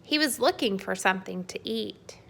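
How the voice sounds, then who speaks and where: A woman's voice: medium pitch, lively intonation, moderate pace, vocal fry, fairly bright tone. A woman voicing a bossy, practical giantess housewife who scolds in a storybook read-aloud. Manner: scolding, matter-of-fact.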